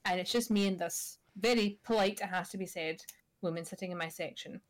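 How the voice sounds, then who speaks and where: A woman's voice: fairly low pitch, fairly quick. A Scottish woman in her thirties, co-hosting a podcast and telling a sweary, wry story in casual chat. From Scotland. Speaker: podcast co-host.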